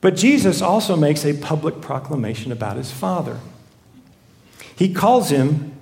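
A man's voice: a little high, animated, normal speed, creaky, a little mellow. A man preaching a sermon who tells stories and keeps asking rhetorical questions. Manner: storytelling, rhetorical repeated questions. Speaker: pastor. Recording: echoey room.

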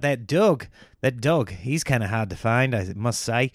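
A man's voice: medium pitch, expressive, unhurried, dry recording, clean studio sound. A man in his thirties hosting a comedy podcast, rambling in a casual, self-mocking, jokey monologue.

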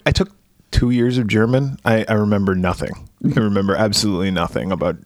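A man's voice: fairly low pitch, fast, dry recording, studio quality. A man co-hosting a podcast, casually recapping a film and acting out its characters in jokey voices. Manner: jokey, acts out film characters, laughs a lot. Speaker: podcast co-host. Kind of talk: casual chat.

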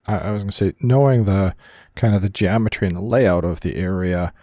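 A man's voice: sits low, fairly quick, mellow, dry recording, studio quality. A man playing in a tabletop game, who speaks hesitantly with restarts. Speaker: player. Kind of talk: casual tabletop play.

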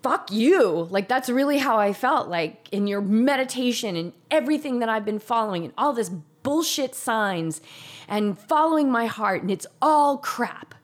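A woman's voice: fairly high pitch, animated, moderate pace. A woman telling a painful personal story in an intense, confessional way, saying "like" often. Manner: intense, confessional, heavy use of "like".

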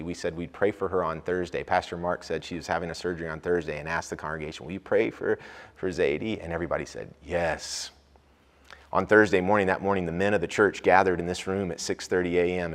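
A man preaching a sermon as a pastor, rising to loud emphatic peaks and dropping back low. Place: church sanctuary. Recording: long hall reverb.

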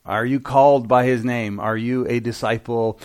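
A man's voice: mid-range voice, steady tone, normal speed, darkish tone. A man preaching a sermon as pastor, conversational, with frequent fillers, asking the congregation to respond.

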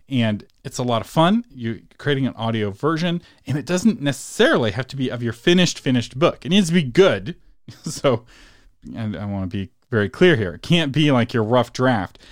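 A man's voice: medium pitch, dry recording, clean studio sound. A man hosting a solo instructional podcast, talking conversationally with frequent fillers and self-corrections. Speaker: podcast host.

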